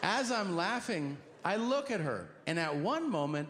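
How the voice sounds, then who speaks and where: A man's voice: sits high, sing-song, a little slow, background noise. A man comedian telling a stand-up story, laughing through it as he goes. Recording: echoey room with loud ambience.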